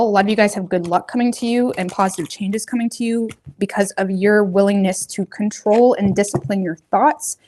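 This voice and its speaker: A woman's voice: medium pitch, a little mellow. A woman giving a casual tarot reading, talking straight to her viewers in a loose, rambling, colloquial way. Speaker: tarot reader.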